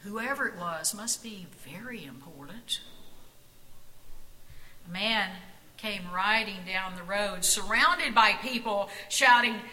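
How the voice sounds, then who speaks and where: Slow, bright-voiced woman reading a story. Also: mid-range voice, expressive, poor audio. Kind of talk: reading a children's Bible story aloud.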